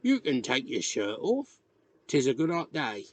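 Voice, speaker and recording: A curt, gruff old countryman speaks in short, grudging rural phrases, as a man reading a storybook puts him on. His voice has a husky grain and lilts up and down as he talks. It sits dry and close to the mic. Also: mid-range voice, wildly swooping pitch, measured pace, dry recording. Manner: rural dialect, terse.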